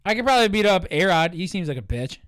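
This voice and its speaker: Animated high-voiced man cracking jokes. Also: fast, clean tone, no echo. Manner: profane, jokey, animated. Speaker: podcast co-host. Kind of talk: casual sports chat.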